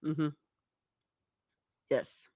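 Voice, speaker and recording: A woman who is not Irish hosts a live stream, chatting casually with viewers while showing travel photos, laughing often and stumbling over repeated words. She speaks very slowly in a warm tone, recorded in a clean studio with no echo.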